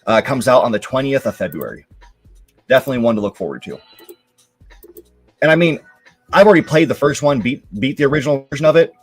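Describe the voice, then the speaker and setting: A man's voice: medium pitch, quick pace, pauses often, husky, soft background music. A young man hosting a live stream, chatting casually and rambling with many fillers about upcoming games and movies. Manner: relaxed, rambling, lots of fillers. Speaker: show host.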